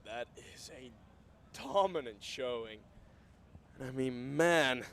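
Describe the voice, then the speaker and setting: A man's voice: medium pitch, slow, a bit bright, a little hiss or hum. A man giving casual color commentary on an esports match, rambling with many fillers. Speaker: esports co-caster.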